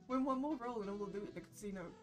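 A woman voicing the devil, a booming, gloating male casino owner, while reading a game's storybook intro aloud over game music. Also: rapid-fire, close to an everyday voice.

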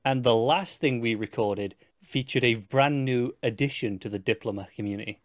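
A man's voice: mid-range voice, normal speed, dry recording. A man co-hosting a casual podcast review, wry and dry, often stammering at the start of a thought. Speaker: podcast co-host.

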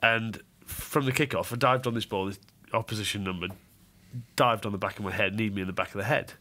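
A man's voice: lowish voice, fairly even intonation, a little fast, pushed and bright. An English man in casual podcast chat, telling anecdotes with frequent laughs and acted quotes. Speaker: podcast co-host.

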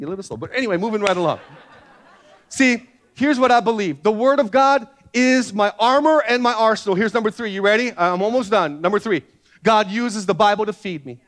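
A male pastor delivers a sermon in a church service, his voice sitting notably high for a man. He preaches conversationally, slipping easily into personal stories.

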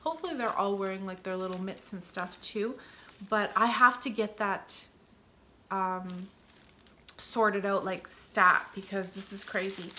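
A middle-aged woman talks casually to her viewers, rambling from one cute find to the next with easy enthusiasm. Her voice sits at an ordinary pitch for a woman. A faint hum runs under the recording. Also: measured pace, pushed and bright. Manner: chatty, rambling, gushing over cute items. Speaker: vlogger showing a store haul.

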